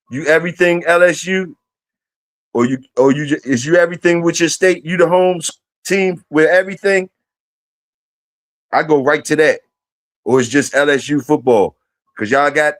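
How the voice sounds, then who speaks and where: A man's voice: fairly high pitch, dry recording. A man hosting a live stream, chatting loosely with viewers in a rambling, profane way and firing questions at them.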